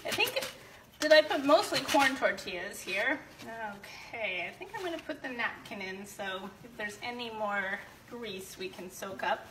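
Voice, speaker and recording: A woman's voice: on the high side, animated, measured pace, distant mic. A woman hosting a live stream, frying tortilla chips in her home kitchen and chatting to viewers, bubbly and full of whoops. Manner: bubbly, exclaims often with whoops. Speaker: host of a live giveaway show. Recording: roomy echo, voice a bit off-mic, faint room noise.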